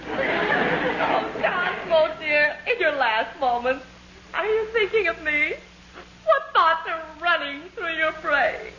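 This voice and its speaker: An actress playing a fussy, doting wife who gushes and weeps, in 1940s radio comedy acting. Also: female voice, very high voice, animated, takes it slowly, crowd noise, full character voice. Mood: weepy. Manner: gushing and tearful. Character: fussy, doting middle-aged wife, given to weepy melodrama. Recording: dull, lo-fi old radio broadcast with faint hiss.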